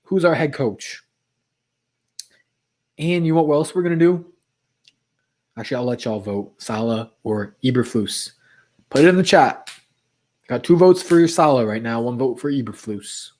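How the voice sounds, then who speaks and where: A man hosts a casual late-night livestream, talking straight to his viewers and reacting to their chat messages. His voice sounds a little worn, as if he has been talking for hours. He talks loosely and restlessly, mid-range in pitch. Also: lively intonation, moderate pace, long pauses, darkish tone. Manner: chatty, reading chat aloud, restless. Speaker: livestream host.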